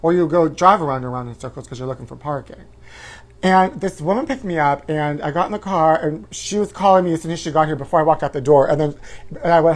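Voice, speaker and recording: A man hosting a live-stream chat show, campy and flamboyant, calling viewers honey and letting out shrill woos. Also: fast talker. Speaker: host.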